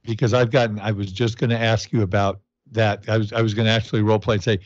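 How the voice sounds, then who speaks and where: A man's voice: fairly low pitch, quick pace, hardly any pauses, no echo, lo-fi sound. A man hosting a podcast interview, conversational and chiming in with brief questions. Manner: conversational, chimes in briefly, stammers when excited. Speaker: podcast host.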